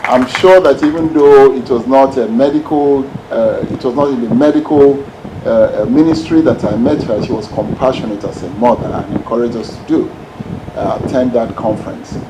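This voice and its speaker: A man's voice: mid-range voice, moderate pace. Older man giving a tribute. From Nigeria. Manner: earnest, storytelling. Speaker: guest speaker. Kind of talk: tribute speech. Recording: background noise.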